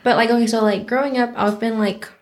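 A woman's voice: a little high, fairly even intonation, quick pace, darkish tone. A young woman co-hosting a podcast, chatting casually and filling her speech with "like". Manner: chatty, heavy use of "like". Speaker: podcast co-host. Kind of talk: casual chat.

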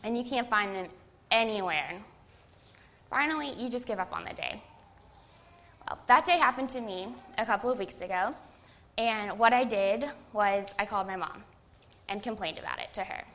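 A woman's voice: medium pitch, moderate pace, pauses often, pushed and bright. A young adult woman, a seminary student, giving a conversational sermon that opens with a self-deprecating personal story.

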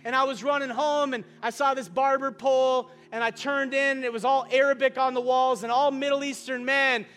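A man preaching a sermon, impassioned and often shouting, mixing in humor and personal stories. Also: extremely high pitch, steady tone, fairly quick, hardly any pauses.

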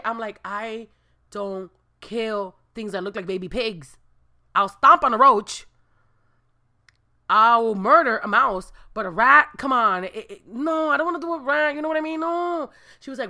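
A woman telling a comic personal anecdote, animated and expressive, breaking into shrieks and Spanish exclamations. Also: mid-range voice, moderate pace. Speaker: storyteller.

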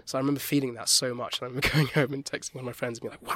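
A young man, talking as an interview guest about stage work, rambling with many restarts and quick laughs. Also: mid-range voice, level tone, fairly bright tone, dry recording. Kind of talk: casual conversational interview.

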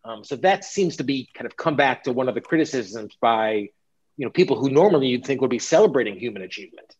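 A man speaking as a panelist in a casual chat, enthusiastic with quick asides. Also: mid-range voice, expressive, a little mellow, slightly rough. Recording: dull lo-fi audio.

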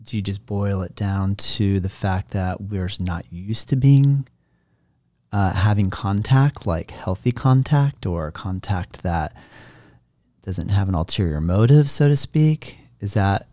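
A male interviewer asking thoughtful questions in an unhurried way, often murmuring agreement. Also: sits low, mellow, no echo, clean studio sound. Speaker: interviewer, host. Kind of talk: conversational interview.

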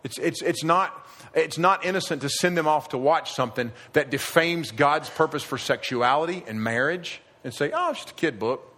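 A middle-aged man preaching a sermon to a live audience, animated and acting out quoted voices, growing emphatic. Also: on the high side, moderate pace. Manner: animated, rising to emphatic near shouting at the end. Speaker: pastor. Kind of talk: sermon on parenting.

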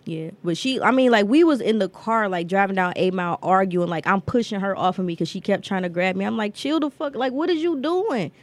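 A woman's voice: mid-range voice, fairly quick, hardly any pauses, no echo. A woman, co-hosting a podcast and telling a story bluntly and profanely, acting out the people she quotes. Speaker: podcast co-host. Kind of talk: casual storytelling chat.

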